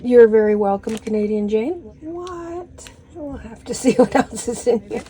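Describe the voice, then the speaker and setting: A woman in her fifties, a crafting vlogger, chats casually at home while unboxing a haul, gushing and exclaiming with lots of little "oh"s and "how fun"s. Her voice is a little high with a dark tone and an unhurried pace, and the recording is rough.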